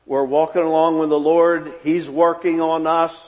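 A man preaching a sermon as pastor, earnest and repeating phrases for emphasis, his voice trailing off softly at the ends of phrases. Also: fairly high pitch, level tone, moderate pace. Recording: dull sound with long hall reverb.

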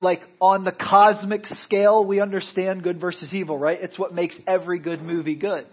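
A man's voice: sits high, flat delivery, moderate pace, breathy edge, muffled recording. An American man preaching a sermon as pastor, in a conversational style that keeps checking in with the congregation. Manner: conversational preaching with frequent "right?" tags.

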